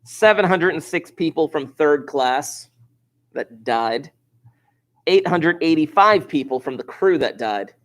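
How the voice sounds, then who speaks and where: A man teaching a high school statistics class, casual and offhand, who slows down and repeats key points for emphasis. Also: lively intonation. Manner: informal, offhand asides. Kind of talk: classroom lecture.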